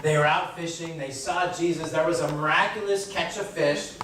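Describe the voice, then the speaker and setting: A man's voice: on the high side, fairly even intonation, moderate pace, fairly bright tone. A middle-aged man from California preaching a sermon as a pastor, talking conversationally and tagging phrases with "right?" and "you know?". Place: church sanctuary. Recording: echoey hall from far off with room noise.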